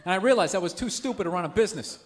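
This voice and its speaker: A man's voice: high-pitched, racing. A man doing a stand-up comedy set, ranting sarcastically and acting out characters in asides. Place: live comedy venue with audience. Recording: noisy live club recording.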